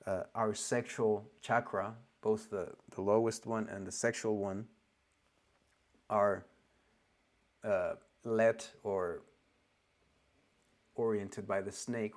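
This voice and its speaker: A man speaks with an Oregonian accent, English being a language he learned later. His voice sits a bit low and he talks unhurriedly. He pauses and restarts as he searches for words in a loose teaching talk. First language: not English. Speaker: spiritual teacher. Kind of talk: loose spoken lesson.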